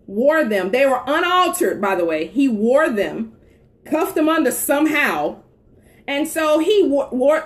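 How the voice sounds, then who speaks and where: High-voiced woman telling a lively story. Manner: animated, laughing, addressing viewers as y'all. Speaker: wife co-hosting a live stream. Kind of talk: casual storytelling chat. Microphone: phone.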